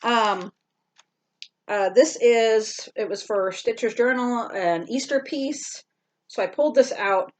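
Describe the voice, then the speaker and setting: A woman co-hosting a casual show-and-tell chat, easygoing and rambling with plenty of fillers. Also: medium pitch. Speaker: co-host.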